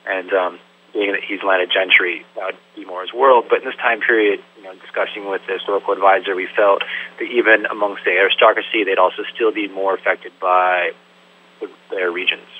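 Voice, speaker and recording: A man's voice: low voice, steady tone, a little fast. A man, a film director, answering interview questions thoughtfully and loosely, with lots of "sort of" and "like". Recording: tinny phone-like line with faint hum.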